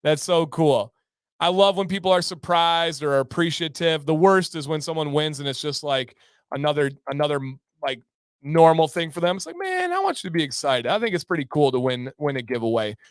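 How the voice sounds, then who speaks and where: A man's voice: on the high side, normal speed, clean tone, dry recording, clean studio sound. A man hosting a casual livestream, reading out chat comments in an upbeat, playful way. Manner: upbeat, reads chat aloud and breaks into playful raps. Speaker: livestream host.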